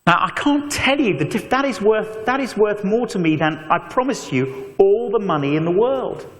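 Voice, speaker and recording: A man preaching an animated evangelistic talk, telling stories with mock voices and asides. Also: high-pitched, moderate pace. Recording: long echo of a large hall.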